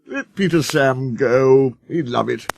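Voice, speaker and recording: A man's voice: mid-range voice, slow pace, gravelly, a little hiss or hum. A man voicing a haughty, grumbling small male engine that snorts and sulks. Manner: sulky, snorting, indignant.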